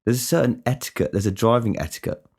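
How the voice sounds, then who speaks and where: A man's voice: medium pitch, expressive, quick pace, darkish tone, slightly rough. A man hosting a casual solo podcast, rambling and swearing with many restarts. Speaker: podcast host.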